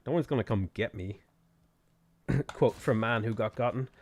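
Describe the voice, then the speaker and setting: An Irish man talks loosely through a game stream, picking up viewer messages and answering each one as he plays. His voice sits at an ordinary middle pitch, and he talks in a relaxed, rambling way. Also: moderate pace, husky. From Ireland. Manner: chatty, reads viewer messages aloud and answers them. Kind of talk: casual gaming stream chat.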